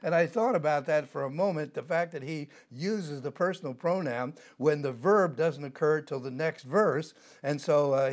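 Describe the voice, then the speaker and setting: A man's voice: fairly high pitch, pushed and bright. An older man teaching a Bible passage verse by verse, explaining word by word and wandering into side topics with many "uh" fillers. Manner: digressive, explanatory, frequent "uh" fillers.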